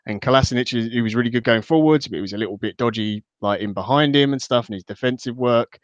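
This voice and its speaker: Measured man on a dull, dry line. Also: mid-range voice, no echo. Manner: measured, with many fillers. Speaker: podcast guest. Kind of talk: casual football analysis.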